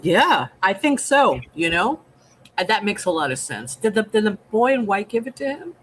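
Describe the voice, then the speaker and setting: A woman's voice: mid-range voice, big pitch swings, normal speed, a bit bright, a little hiss or hum, poor audio. A woman co-hosting a casual live recap, giving short agreeing replies and laughing often. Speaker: co-host.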